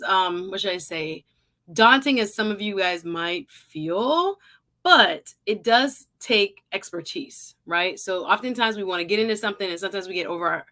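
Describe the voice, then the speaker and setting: A woman's voice: mid-range voice, pushed and bright. A woman born in Jamaica with a light Jamaican accent, hosting a casual livestream and greeting viewers by name in a chatty way. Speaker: livestream show host. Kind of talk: casual live-stream intro.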